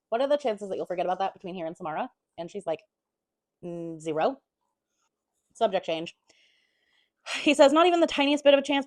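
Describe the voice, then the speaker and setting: Fast-talking woman recapping a book. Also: medium pitch, no echo. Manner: chatty, with blunt swearing asides; half-acts the characters' lines while recapping. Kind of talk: casual chapter recap.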